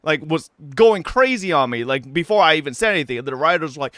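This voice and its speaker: Young male streamer, bright lively voice, swears freely, dry close sound. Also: on the high side, quick pace, no echo. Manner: profane, animated, frequent "right?" tags. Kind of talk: casual ranting story to chat.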